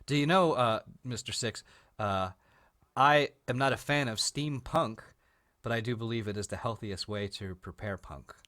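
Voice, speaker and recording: A man's voice: mid-range voice, moderate pace, fairly bright tone, slight background noise. An American man co-hosting a comedy podcast, chatting casually, cracking jokes, laughing often and slipping into silly voices. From United States. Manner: jokey, laughs a lot, slips into silly character voices. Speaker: podcast co-host.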